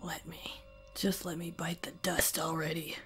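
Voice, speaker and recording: A woman voicing a weary young man who wants to be left alone, murmured in a low breathy whisper. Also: level tone, unhurried, a bit bright, faint music behind, heavily acted.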